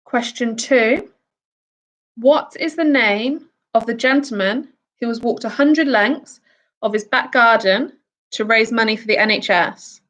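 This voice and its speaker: A woman's voice: fairly high pitch, measured pace, fairly bright tone. A woman from the UK hosting a casual quiz, reading out each question and answer with chatty asides. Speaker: quiz host.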